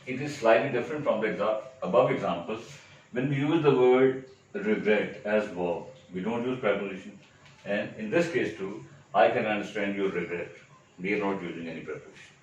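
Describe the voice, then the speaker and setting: Male teacher, lowish voice, explains patiently with rhetorical check-ins, distant mic in a hollow echoey room. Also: brisk, muffled recording, a little hiss or hum. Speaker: English teacher. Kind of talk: exam-prep grammar lecture.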